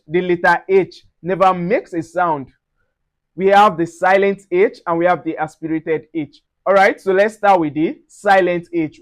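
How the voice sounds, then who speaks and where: A man with a high voice and a French accent gives a beginner pronunciation lesson, with French as his first language. He says each example word slowly, one at a time, in a careful teaching manner. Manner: repeats example words slowly and deliberately.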